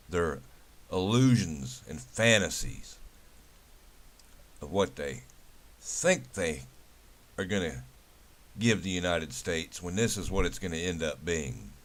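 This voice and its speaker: A man delivering a ranting commentary, hammering home lists of words with emphasis. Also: on the low side.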